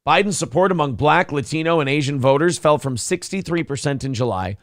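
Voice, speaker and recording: A man's voice: fairly high pitch, animated, a little fast, dry recording, studio quality. A man co-hosting a casual morning talk show, blunt and sarcastic, with plenty of swearing. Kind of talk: casual political talk show, reading chat comments.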